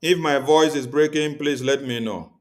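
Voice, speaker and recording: Speaking at normal speed in a voice on the high side, a livestream host lectures his viewers emphatically. He repeats himself often, with a preaching tone.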